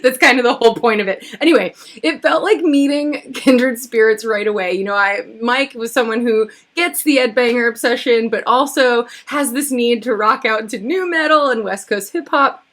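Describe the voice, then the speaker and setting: A woman hosting a livestreamed talk show in a giggly, excitable, rambling way. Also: fairly high pitch, moderate pace, few pauses. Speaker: host.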